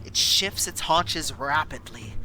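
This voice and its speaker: A woman streamer reading a story game aloud, animated and giggly. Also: low-pitched, slow pace, slight background noise. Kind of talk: live-stream game narration.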